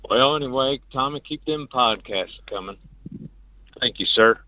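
Folksy caller with a rural Ohio twang, heard over a tinny voicemail line. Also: male voice, mid-range voice, moderate pace, a little hiss or hum. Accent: Southern-tinged rural Ohio. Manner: folksy, homespun. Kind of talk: voicemail message.

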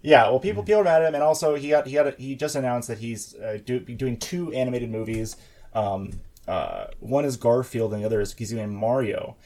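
A man's voice: mid-range voice, brisk, darkish tone. Rambling young man, casual podcast chat. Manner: rambling, many fillers and restarts. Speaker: podcast co-host.

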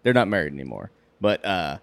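A man's voice: low-pitched, fairly quick, gravelly, dry recording. A middle-aged man in a casual podcast chat, telling stories with frequent laughter. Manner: laughing, animated storyteller.

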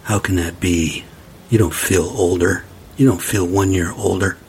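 A man quoting his dismissive mother in a lowered, curt scolding tone. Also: steady tone, unhurried, a little mellow, slight background noise. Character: cold, dismissive middle-aged mother.

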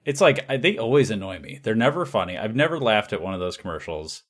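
Podcast host guy, lowish voice, rambling and opinionated, kinda laughy. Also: sing-song, quick pace. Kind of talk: casual chat.

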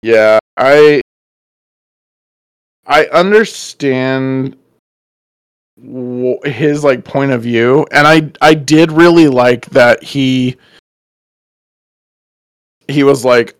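A man's voice: mid-range voice, very slow, long pauses, clear, resonant tone, no echo. A man co-hosting a casual movie review podcast, laid-back and agreeable, swearing casually. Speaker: podcast co-host.

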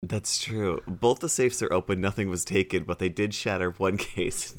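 A man's voice: sits low, normal speed, dry recording. A man playing a tabletop game, talking casually in rambling asides and swearing now and then. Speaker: player.

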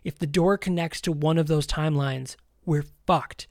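A man playing a frantic male scientist in an audio drama, speaking urgently with frequent swearing and rushed words. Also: fairly high pitch, fairly even intonation, no room sound, clean studio sound, natural voice. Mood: grim. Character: frantic male scientist husband, two versions.

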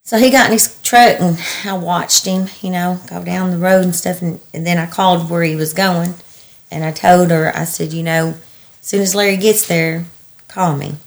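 A woman, telling her story as an interviewee in halting bursts full of restarts. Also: on the low side, fairly even intonation. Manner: halting, breathless retelling with restarts and laughter. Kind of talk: personal storytelling.

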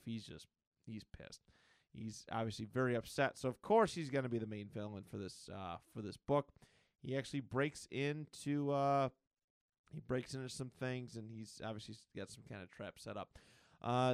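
A man co-hosting a podcast, recapping a comic book in a rambling, excited casual chat. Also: mid-range voice, clear, resonant tone, no room sound. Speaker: podcast co-host.

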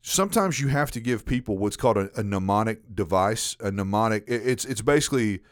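Animated man telling a story. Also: fairly low pitch, brisk, no echo, studio quality. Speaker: podcast host. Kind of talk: casual storytelling chat.

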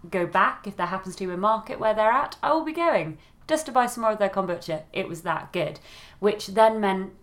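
A woman co-hosting a casual podcast at a medium pitch. She talks in a chatty, giggly way and pokes fun at herself. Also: animated, fairly quick. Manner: chatty, giggly, self-deprecating. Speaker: podcast co-host. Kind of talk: casual chat.

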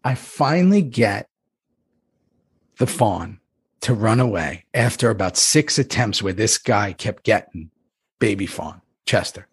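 A man in casual chat, excitedly telling a story and acting out what people said with big jumps in his voice. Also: measured pace, slightly rough. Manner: excitable, acts out quotes with big pitch jumps.

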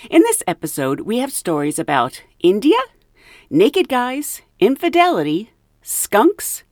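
A woman's voice: mid-range voice, big pitch swings, measured pace, a little mellow, no room sound, clean studio sound. A woman who works as a flight attendant hosting her podcast, telling a story in a chatty, giggly way with plenty of ums and uhs. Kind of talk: casual storytelling monologue.

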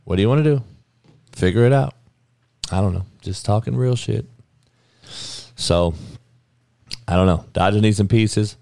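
A man's voice: on the low side, moderate pace, vocal fry, pauses often, no echo. A man hosting a podcast, delivering a blunt, profane sports rant in casual talk. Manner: profane, blunt, animated rant with frequent cursing. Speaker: podcast host.

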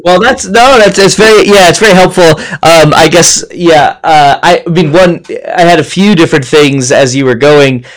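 A man's voice: on the high side, normal speed, hardly any pauses, rough recording. Host guy, kinda hesitant, lots of ums and uhs. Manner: hesitant, many fillers. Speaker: podcast host. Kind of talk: casual interview talk.

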